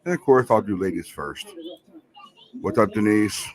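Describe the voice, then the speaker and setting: A man's voice: lowish voice, expressive, moderate pace, poor audio. A man hosting a casual sports chat, greeting his co-hosts in a laid-back way. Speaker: podcast host.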